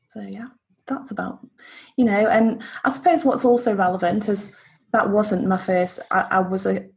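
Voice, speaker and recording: A woman's voice: mid-range voice, gravelly, darkish tone, slightly rough. A woman from the United Kingdom, a life coach being interviewed over a video call, chatty and upbeat. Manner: chatty, upbeat, self-correcting. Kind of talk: casual interview answers.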